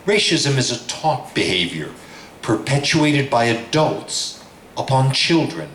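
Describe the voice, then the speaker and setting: A man, a professor, reading a text aloud in a lecture in a slow, measured, deliberate way. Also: mid-range voice, fairly bright tone, reverberant, slight background noise.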